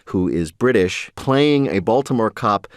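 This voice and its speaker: A man hosting a podcast interview, wry and quick, steering the talk with questions. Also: fairly low pitch, lively intonation, clean tone, no room sound, clean studio sound. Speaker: podcast host. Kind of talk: conversational interview.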